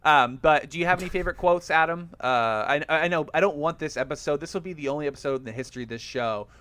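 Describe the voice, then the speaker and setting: A man hosting a casual movie podcast, animated and quick to laugh. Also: on the high side, clear, resonant tone, no room sound. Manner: animated, laughs often, jokey. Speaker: podcast host.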